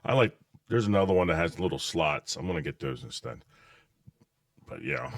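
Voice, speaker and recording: Deep-voiced man hosting, animated storyteller. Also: normal speed, gravelly, no echo, studio quality. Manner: animated storyteller, laughs often, calls people dude. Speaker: podcast host. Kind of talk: casual chat.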